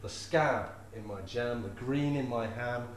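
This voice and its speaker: A man performs comic poetry live for an audience, his delivery playful and rhythmic. Recorded at a distance in an echoey venue with faint ambience and slight hiss or hum, his mid-range voice moves a little slowly.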